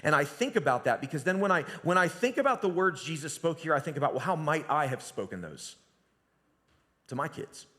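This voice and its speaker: A man giving a sermon as pastor, telling the story conversationally and dropping to a hushed voice at times. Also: fairly high pitch, expressive, fairly quick. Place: church sanctuary. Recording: long reverb of a church hall.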